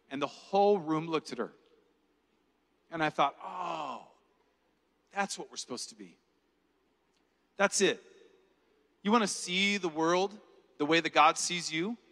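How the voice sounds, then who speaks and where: Male keynote speaker, animated storyteller, bright forward voice, reverberant hall. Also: on the high side, unhurried, long pauses.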